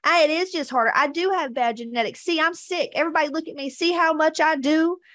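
A woman's voice: high voice, quick pace, a bit bright, no room sound, pitched above the performer's own voice. A woman mocking a self-pitying woman who plays the martyr, in a whiny, pleading voice raised well above her own.

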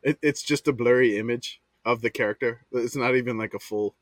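A man's voice: medium pitch, steady tone, a little fast, no room sound. A man co-hosting a casual podcast, playful and telling stories about being a dad. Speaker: podcast co-host.

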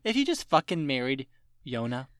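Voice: mid-range voice, moderate pace, no echo, clean studio sound. A podcast co-host in casual chat, ranting with lots of swearing and mock-quoting characters in exaggerated voices. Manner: animated ranting with profanity and mock quotes.

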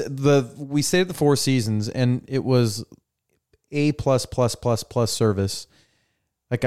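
Smooth-voiced man telling travel stories. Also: mid-range voice. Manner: animated storyteller, acts out people's lines. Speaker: podcast host. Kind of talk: casual chat. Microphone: studio mic.

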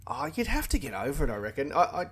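A man's voice: on the high side, very animated, a bit bright, husky. An Australian man talking casually as an interview guest over a call. He laughs often and restarts his sentences a lot. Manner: laughs often, self-deprecating, halting restarts. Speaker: guest, YouTube channel creator. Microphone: remote call.

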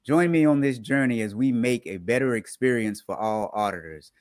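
A man's voice: fairly low pitch, dry recording, clean studio sound. A man hosting a casual podcast, joking around and reading news items aloud before explaining them in plain terms. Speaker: podcast host.

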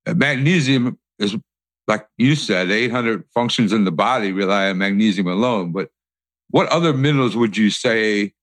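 A man hosting a casual interview, conversational and quick with short affirmations. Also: on the low side, no room sound. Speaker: podcast host.

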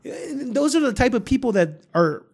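A man's voice: very high voice, sing-song, a little fast. A man hosting a podcast, telling a story in rambling casual chat, full of restarts and swearing. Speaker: podcast host.

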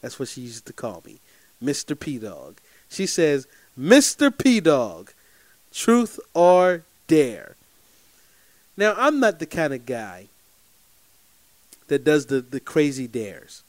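A man telling a personal anecdote in an animated, emphatic way, often repeating phrases for effect. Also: medium pitch, unhurried, no echo.

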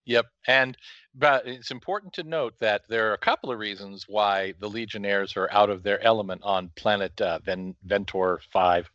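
Bright-voiced man explaining comics lore. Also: on the low side, steady tone, moderate pace, no room sound, muffled recording. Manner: explanatory, trivia-minded, laughs easily. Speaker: podcast co-host. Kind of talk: casual comic-book chat.

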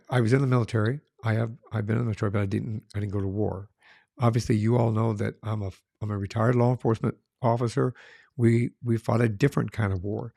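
A man's voice: fairly low pitch, creaky, mellow, no room sound, studio quality. A middle-aged man co-hosting a casual film review chat, talking earnestly and often restarting his phrases.

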